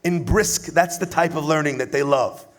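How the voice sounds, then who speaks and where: A man giving a rabbi's address to a conference audience from a lit stage, an animated and playful preacher who swings from loud to soft. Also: a little high, normal speed. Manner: playful storyteller with jokes.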